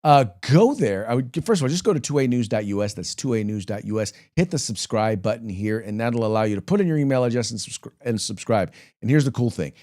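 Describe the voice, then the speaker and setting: A man's voice: mid-range voice, lively intonation, fast, a little mellow. A man hosting a political talk show, rambling in a folksy way with many fillers and restarts, reading sponsor spots. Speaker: podcast host.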